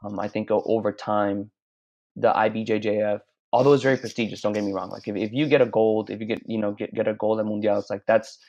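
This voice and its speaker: A man with a lowish voice talks casually, winding through his stories in a halting, rambling way. The recording sounds dull and lo-fi, missing its top end. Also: level tone, darkish tone. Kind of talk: casual chat.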